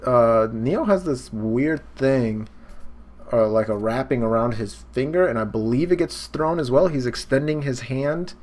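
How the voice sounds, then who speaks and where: A young man hosting a casual reaction video, retelling a comic excitedly with swearing and sound effects. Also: mid-range voice, unhurried. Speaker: host. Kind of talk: casual manga reaction commentary.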